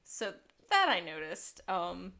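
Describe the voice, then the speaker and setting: A woman's voice: lowish voice, takes it slowly, creaky. A woman co-hosting a podcast, recapping a TV episode in casual chat and livening it up with quoted lines. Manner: lively retelling, slipping into quoted voices. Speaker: podcast co-host.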